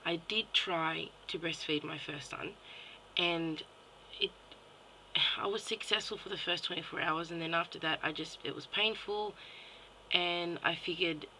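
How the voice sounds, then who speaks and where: Australian woman, young mum, profane blunt rant, very bright tone, faint background hiss, webcam vlog. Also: fairly low pitch, measured pace, rough recording. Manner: blunt, profane, indignant ranting. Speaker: vlogger. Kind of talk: ranting vlog monologue. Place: home at night.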